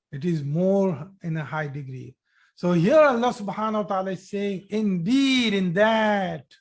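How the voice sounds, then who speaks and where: A male teacher speaking in an unhurried, deliberate way, his voice sitting fairly high for a man. He leads an online language lesson, repeating phrases for emphasis and checking in with his students. He often restarts a sentence before finishing it. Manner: frequent restarts and "okay" check-ins. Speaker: Arabic teacher.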